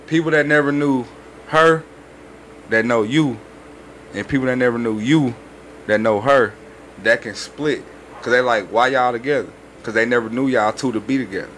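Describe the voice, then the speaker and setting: A man's voice: medium pitch, normal speed, a bit bright, slight background noise, rough recording. Insistent man with a drawl giving blunt advice. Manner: insistent, repeats "listen", profane. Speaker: podcast guest. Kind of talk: casual chat giving advice.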